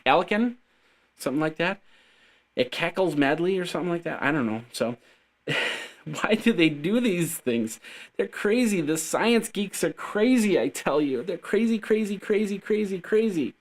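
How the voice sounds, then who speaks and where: Rambling, jokey male podcast host. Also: fairly high pitch. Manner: rambling, jokey, trips over words. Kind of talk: casual tech news chat.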